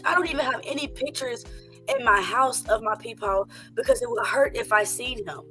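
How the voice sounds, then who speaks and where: A woman in a casual panel discussion, speaking heartfelt and animated about her own family. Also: fairly high pitch, moderate pace, faint music behind.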